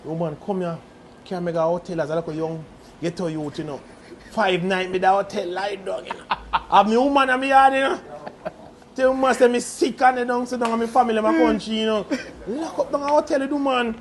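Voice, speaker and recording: High-voiced Jamaican man telling a story. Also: a little fast, a little hiss or hum. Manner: laughs often while telling, lively and loose. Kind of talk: casual storytelling in patois.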